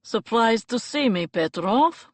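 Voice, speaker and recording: A woman voicing a man returned from the dead in an audiobook, calm and controlled with quiet fury. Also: on the high side, slow pace, no echo. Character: brother back from the dead, calm and furious.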